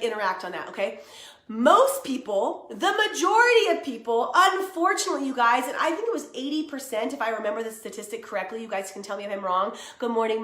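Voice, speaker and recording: In a reverberant space, a young live video host and coach runs a relaxed motivational stream. Her slightly high, somewhat bright voice stays chatty and cheerful as she welcomes viewers by name.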